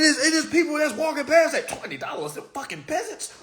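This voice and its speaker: A man's voice: extremely high pitch, very animated, fast, bright, forceful tone, a little hiss or hum. A man ranting to viewers on a live stream, preachy and profane, firing off rhetorical questions. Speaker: online personal finance commentator.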